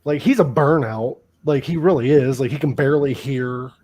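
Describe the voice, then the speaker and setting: A man co-hosting a podcast, telling stories in a loose, animated way and swearing freely. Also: medium pitch, normal speed. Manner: animated storytelling, heavy swearing. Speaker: podcast co-host. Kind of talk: casual chat.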